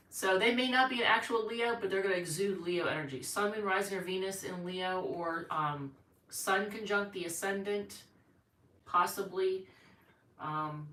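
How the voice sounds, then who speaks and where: Live-streaming from home, a tarot reader rambles chattily through a reading, thinking out loud. Her fairly low, fairly bright voice sits far from the mic in an echoey room with faint noise.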